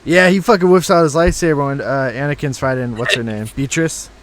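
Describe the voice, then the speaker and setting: A man's voice: medium pitch, fairly quick. A man hosting a casual podcast, joking crudely with friends. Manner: joking, profane, playful noises. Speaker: podcast host. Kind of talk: casual chat.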